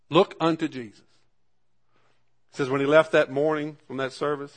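A man with a notably high voice preaches a sermon. He talks in a homespun, fervent way and circles back to the same simple phrase again and again. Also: fairly even intonation, normal speed. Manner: fervent, repetitive, folksy.

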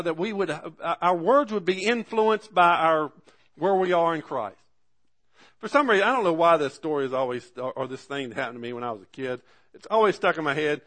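A man's voice: fairly high pitch, a bit bright. Folksy pastor in his forties. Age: 40s. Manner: folksy storytelling with frequent restarts and call-and-response "amen". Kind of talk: sermon.

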